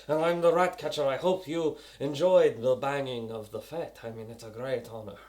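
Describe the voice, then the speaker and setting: A man voicing a smug male rat catcher in a deep, low voice. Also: moderate pace, a little mellow, natural voice. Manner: smug, self-satisfied.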